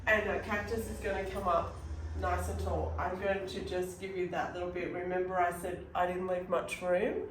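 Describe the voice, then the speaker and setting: A woman's voice: lowish voice, little pitch movement, moderate pace, hardly any pauses, slight background noise. A woman teaching an unscripted art class, chatty and encouraging as she talks through each step. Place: art studio. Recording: roomy, from a distance.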